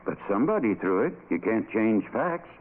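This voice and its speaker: An actor playing a suspicious older country doctor in a 1940s radio drama, with a slow, probing manner. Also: male voice, lowish voice, very animated. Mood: doubting. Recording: tinny lo-fi old radio recording with hiss.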